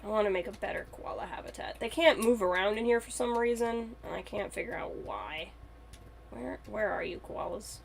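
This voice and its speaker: A woman's voice: medium pitch, moderate pace, vocal fry, slight background noise. A woman streamer chatting casually and thinking aloud as she plays a game on a live stream.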